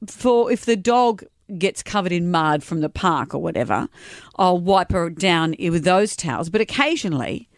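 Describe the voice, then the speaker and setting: A woman's voice: fairly low pitch, lively intonation, normal speed, dry recording, studio quality. A woman, co-hosting a radio show in a playful, teasing way. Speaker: radio co-host. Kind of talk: casual radio chat. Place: radio studio. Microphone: studio microphone.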